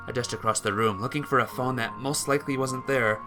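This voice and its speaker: A man reading a visual novel aloud in a let's play, with lively delivery and occasional stumbles and restarts. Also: mid-range voice, a little fast, hardly any pauses, music in the background.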